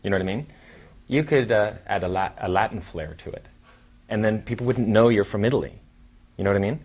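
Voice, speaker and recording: A man in his thirties giving a casual, rambling seminar talk as a trainer, with sighs and long pauses. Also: lowish voice, a little mellow. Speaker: dating coach and trainer.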